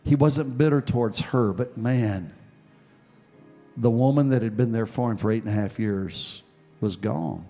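A man preaching a sermon and telling a story from his own past, dropping soft and low, then building to loud, forceful preaching. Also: a little slow, soft background music. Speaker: pastor. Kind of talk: sermon with personal testimony.

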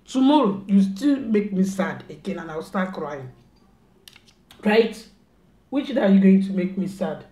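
A woman's voice: mid-range voice, expressive, a little slow, long pauses, mellow. Mock-stern mother scolding in an echoey room. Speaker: mother and vlogger. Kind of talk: casual family prank talk. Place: home.

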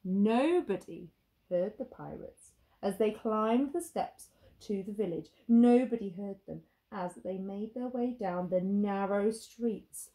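A woman teacher reading a picture book aloud to children, expressive and stopping to ask the listener questions. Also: mid-range voice, slow pace.

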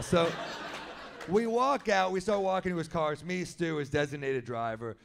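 Wry deadpan man doing stand-up. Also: a little high, fairly quick, gravelly. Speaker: comedian. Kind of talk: stand-up comedy storytelling. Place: indoor comedy venue.

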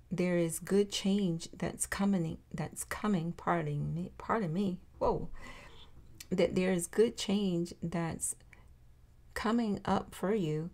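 Slow, mellow-voiced woman tarot reader. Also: on the low side. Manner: encouraging, repeats reassurances, addresses viewer directly. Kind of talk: tarot reading to viewers.

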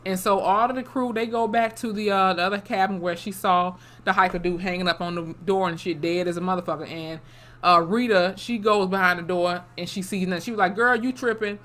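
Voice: medium pitch, steady tone, fairly quick, a bit bright. A TV reviewer casually recapping an episode in a loose, slangy, profane way, full of fillers like "you know" and "or whatever".

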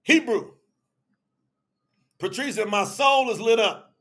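A man preaching a livestreamed sermon, emphatic and call-and-response, shouting out to viewers by name and breaking into sudden shouts. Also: very high-pitched, slow pace. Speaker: preacher leading an online service.

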